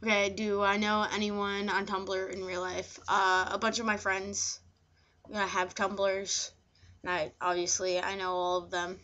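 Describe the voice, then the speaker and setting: A woman's voice: mid-range voice, little pitch movement, measured pace, pushed and bright, highs cut off. Hesitant woman. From New Jersey. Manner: hesitant, with frequent fillers. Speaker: vlogger. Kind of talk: casual word-list reading.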